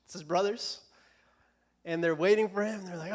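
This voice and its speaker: A man's voice: high voice, fairly even intonation, normal speed. A young man preaching a casual youth sermon in a church, joking and self-deprecating.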